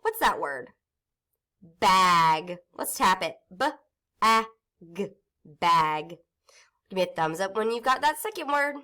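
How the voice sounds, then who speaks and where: Woman teacher for young kids, lively sing-song pitch, slow careful phonics delivery. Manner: slow, sing-song teacher talk, stretching out words and sounds. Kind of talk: phonics lesson for young children.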